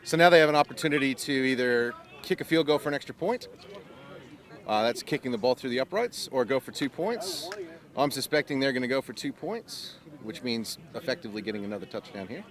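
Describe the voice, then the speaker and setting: A man's voice: medium pitch, lively intonation, fairly quick. A man giving casual live commentary on a local football game outdoors, explaining the rules as he goes. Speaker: play-by-play commentator. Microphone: live stream mic.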